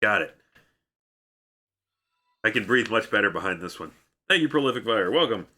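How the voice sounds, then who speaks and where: A man's voice: fairly low pitch, animated, normal speed, bright, forceful tone. A male streamer chatting casually on a live stream, full of rambling, self-mocking asides.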